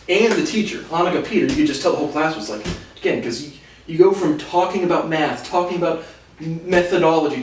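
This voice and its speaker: The host, a young man, speaks in a fairly high voice picked up by a distant mic. His college anecdotes come as a casual, profane, sardonic monologue with laughter between lines, recorded with roomy echo, off-mic, and faint noise.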